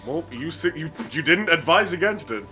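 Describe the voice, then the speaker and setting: A man's voice: a little high, animated, normal speed, sharp tone, faint music behind. A man playing a tabletop game, joking around in a playful, profane way. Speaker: player. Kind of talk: casual tabletop play.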